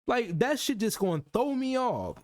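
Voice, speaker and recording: Animated teasing streamer man, dry close sound. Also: extremely high pitch, moderate pace, dry recording. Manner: animated, teasing, swears a lot, mocking quoted voices. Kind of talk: casual livestream banter.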